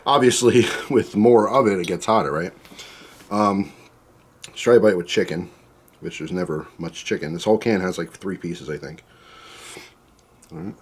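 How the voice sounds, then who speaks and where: A man with a fairly low voice rambles casually through a spicy soup taste test. He fills gaps with "um" and "like" and drifts off topic. His mouth burns from the heat as he talks. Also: moderate pace, pauses often, a little hiss or hum. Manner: chatty, rambling, with many fillers and asides. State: mouth burning from spicy food. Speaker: food reviewer.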